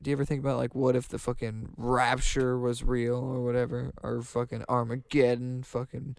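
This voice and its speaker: Gravelly young man asking halting questions. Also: mid-range voice, little pitch movement, no echo. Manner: halting, restarts questions, profane. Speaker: podcast co-host. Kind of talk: crude comedic podcast banter.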